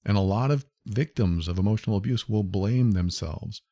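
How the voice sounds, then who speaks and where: A man's voice: on the low side, moderate pace, dark tone, no room sound. A man hosting a solo podcast, talking earnestly and directly to the listener as he explains. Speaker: podcast host.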